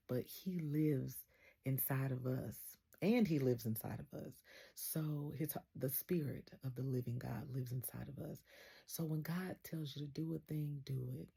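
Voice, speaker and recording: Lady telling her story on her channel, very breathy raspy voice, mellow tone. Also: very deep voice. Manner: earnest storytelling, retells dialogue with "I said". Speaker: host of a faith channel. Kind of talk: casual spoken testimony.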